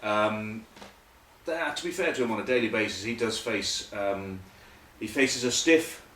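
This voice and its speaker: A man's voice: on the low side, unhurried, sharp tone, far from the mic, slight background noise. A man hosting a comic rugby news monologue, rambling with jokey asides. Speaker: host. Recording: echoey room, voice off-mic.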